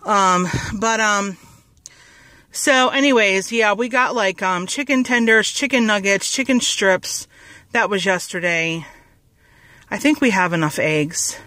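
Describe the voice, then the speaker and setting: Chatty woman, bright voice. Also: medium pitch, unhurried, no echo, low-quality recording. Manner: rambling, chatty, many fillers and restarts. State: out of breath. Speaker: vlogger. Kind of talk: casual haul vlog chat. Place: outdoors in a store parking lot by a car.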